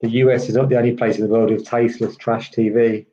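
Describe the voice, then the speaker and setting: A man's voice: medium pitch, level tone, fast, warm tone. A man from the UK doing casual live tennis commentary, chatty and rambling as he answers viewer chat with lots of "um"s. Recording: slightly dull lo-fi stream audio.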